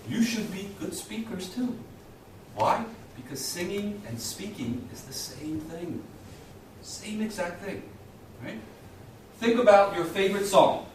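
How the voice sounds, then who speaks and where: A man teaches a communication class, throwing quick questions to his students to keep them involved. He speaks slowly and deliberately. His voice sits a little high, and it sounds distant, heard from across a very echoey classroom with a faint hum behind it. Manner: lively, asks the class questions often. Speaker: communication skills instructor. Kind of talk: lecture to a class.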